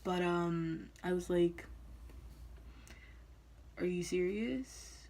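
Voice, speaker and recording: A woman's voice: fairly low pitch, drawn-out words, creaky, a little mellow. A young woman vlogger telling a story in a casual, chatty way, often laughing and acting out what people said. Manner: chatty, laughing, acts out quoted lines.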